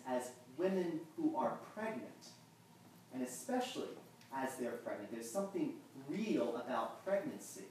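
A man preaching a sermon in a conversational, self-deprecating way, pausing and restarting his sentences. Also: mid-range voice, darkish tone, a little hiss or hum. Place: large echoing church. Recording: echoey church from a distance.

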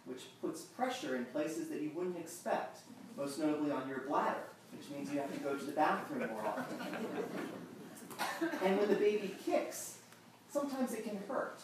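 A man preaching a sermon in a conversational, self-deprecating way, pausing and restarting his sentences. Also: a little high, a little hiss or hum. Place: large echoing church. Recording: echoey church from a distance.

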